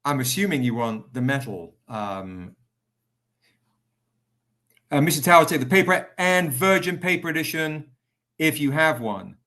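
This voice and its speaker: A man's voice: on the high side, animated, unhurried, long pauses, bright, forceful tone. A man hosting a casual live stream, chatty and upbeat, greeting viewers by name while selling comic editions. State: recovering, tired.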